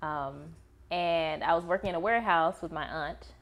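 A woman guest on a podcast, telling a personal story in a lively way and acting out the people in it. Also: deep voice, normal speed, muffled recording. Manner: lively storyteller, acts out quoted voices. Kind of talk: casual podcast chat.

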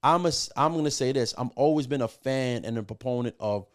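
A man's voice: mid-range voice, fairly quick. Rich: A middle-aged man with a mid-range voice, chatting as a podcast guest about his years producing music. He rambles casually, full of fillers, restarts and swearing. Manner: profane, loose, filler-heavy with many restarts. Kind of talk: casual storytelling.

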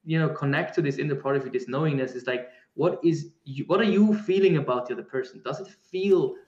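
A man's voice: a little high, fast talker, darkish tone, echoey room, muffled recording. A man answering a question in a reflective, conversational way, often restarting and searching for the right words. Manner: searching, many restarts and fillers. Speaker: guest speaker on embodiment.

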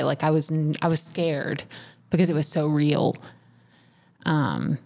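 A young woman with a low voice tells a story in loose, casual podcast chat. She rambles, leans on "like" as a filler, and swears freely without hesitation. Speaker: podcast co-host.

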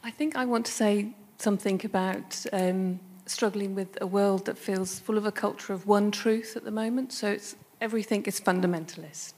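A woman's voice: mid-range voice, fairly even intonation, normal speed, hardly any pauses, darkish tone. An English woman in the audience putting a question from the floor, earnest and a little wry. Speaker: audience member asking a question. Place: London event hall.

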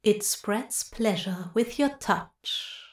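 A woman's voice: on the high side, animated, a little slow, roomy sound. A woman voicing a seductive, sly male plant-fey king who murmurs and chuckles knowingly.

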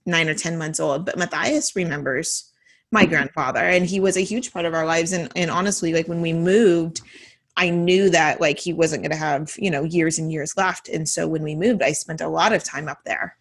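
Soft-spoken mom, reflective. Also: female voice, low voice, moderate pace. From Oregon, United States. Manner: reflective, hesitant, with many fillers. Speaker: mother, conversation partner. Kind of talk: casual chat.

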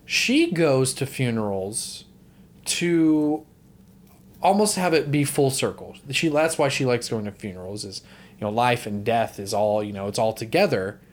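A man's voice: medium pitch, expressive, measured pace. A young man co-hosting a casual movie podcast, rambling and swearing freely. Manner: rambling, swears, laughs often. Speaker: podcast co-host.

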